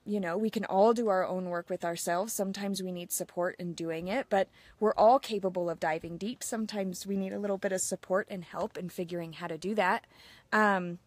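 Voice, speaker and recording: Speaking at a normal speed with fairly even intonation, a woman in her thirties mentors mothers through a casual live chat. She's earnest and open, telling personal stories that include quoted inner voices. Her voice is mid-range, with no room sound.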